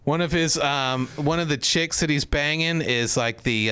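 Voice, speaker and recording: A man co-hosting a podcast from a studio, telling stories in crude, excitable casual chat full of fillers. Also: fairly high pitch, moderate pace, clean tone. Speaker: podcast co-host.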